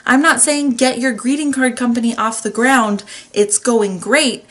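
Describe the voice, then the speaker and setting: A woman's voice: a little high, fairly even intonation, measured pace, fairly bright tone. A woman hosting her own podcast, giving a candid, chatty motivational talk that is playful and laced with mild swearing. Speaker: podcast host. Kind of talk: casual motivational monologue.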